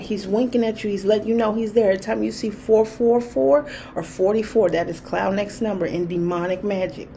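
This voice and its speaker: A woman's voice: mid-range voice, fairly quick, gravelly, few pauses, warm tone, a little hiss or hum. A woman hosting her own spiritual channel, telling a personal story in a chatty, casual way with lots of laughter. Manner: chatty, laughs often, vivid quoted reactions.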